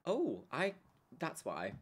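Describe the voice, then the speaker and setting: A woman's voice: low-pitched, wildly swooping pitch, slow, husky. A young woman chatting casually on a live stream, giggling and thanking her viewers as she plays.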